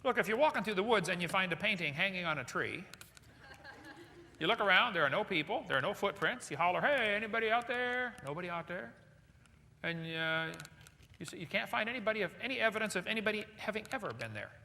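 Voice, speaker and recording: Bright, lively man lecturing in an echoey hall. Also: high-pitched, fast talker, gravelly, slight background noise. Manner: rhetorical questions with joking asides. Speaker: seminar speaker. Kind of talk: live lecture to an audience. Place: lecture hall with live audience. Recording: echoey hall with long reverb.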